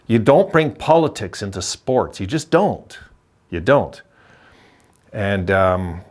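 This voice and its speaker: Older male host, opinionated and rambling vlog delivery. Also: fairly low pitch. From Quebec. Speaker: hockey channel host.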